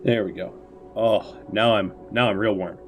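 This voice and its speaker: A man's voice: fairly low pitch, steady tone, normal speed, faint music behind. Man thinking aloud during game commentary. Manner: thinking aloud, self-mocking jokes. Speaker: game streamer. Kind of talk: let's play commentary. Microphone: headset.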